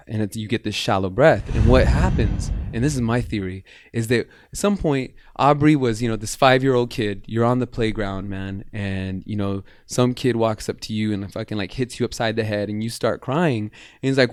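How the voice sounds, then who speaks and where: A man's voice: on the low side, normal speed, hardly any pauses, no room sound. A man talking as a podcast guest about bodywork and breath, earnest and flowing, sometimes guiding the listener through breathing. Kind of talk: casual interview chat.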